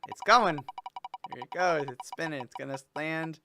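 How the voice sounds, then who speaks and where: A man's voice: fairly high pitch, moderate pace, background noise. A young man hosting a casual livestream chat, rambling and joking with his viewers. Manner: chatty, rambling, jokey with playful fake sobbing. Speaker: host.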